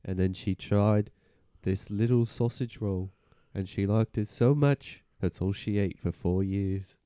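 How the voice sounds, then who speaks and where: A man's voice: on the low side, a little slow, warm tone, smooth, no room sound, studio quality, lightly acted. A man doing a goofy rock band member. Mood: earnest goofy. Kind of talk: improvised comedy role-play.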